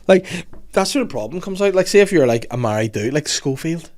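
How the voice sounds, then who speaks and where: A man's voice: a little high, very animated, fairly quick, a little mellow. A man co-hosting a podcast, rambling through crude jokes with lots of fillers. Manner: rambling, jokey, lots of "like" and "you know". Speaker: podcast co-host. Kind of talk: crude casual banter.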